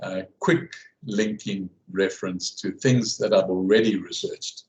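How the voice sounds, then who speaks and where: A man with a fairly low voice talks casually over a video call. He speaks haltingly, stacking fillers and restarting his sentences as he thinks aloud. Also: fairly even intonation, low-quality recording. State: hiccuping. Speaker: class guide and researcher. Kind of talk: casual conversation.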